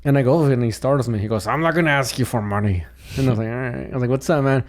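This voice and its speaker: On a podcast he co-hosts, a young comedian races through a story in a loose, rambling chat. His voice is at an ordinary middle pitch, and he repeatedly restarts sentences and drops "dude."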